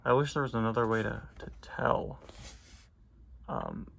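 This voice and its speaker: Brief: man, comic book-club host, chatty and self-deprecating, bright tone. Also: medium pitch, wildly swooping pitch, a little slow, gravelly. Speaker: toy and comic reviewer. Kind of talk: reading comics aloud with casual commentary.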